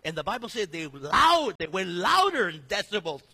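A man preaching a sermon with lively delivery, jumping between loud emphasis and hushed, slow lines. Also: high voice, breathy edge. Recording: echoey hall reverb.

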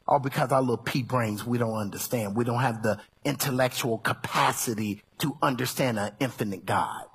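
A male preacher delivering a sermon, animated and folksy, swinging from low murmurs up to shouts. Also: normal speed, creaky, husky. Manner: folksy and colloquial.

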